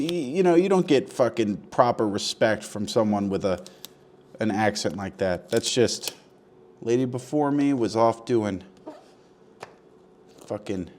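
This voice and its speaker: Young male comic vlogger, slightly low voice, deadpan crude rambling. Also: slight background noise. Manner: crude, mock-earnest rambling with profanity. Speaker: comedy vlogger. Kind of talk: deadpan comedic monologue.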